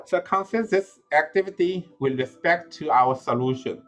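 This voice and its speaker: A man's voice: a little high, moderate pace. Man lecturing, thinking aloud. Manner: thinking aloud with frequent "uh" and self-corrections. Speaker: university lecturer. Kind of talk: recorded lecture.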